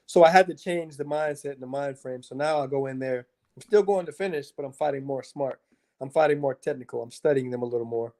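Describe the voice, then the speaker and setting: A man, a mixed martial arts fighter, telling his fight stories in a casual interview, animated and profane, with lots of filler words. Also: medium pitch, quick pace. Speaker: MMA fighter guest.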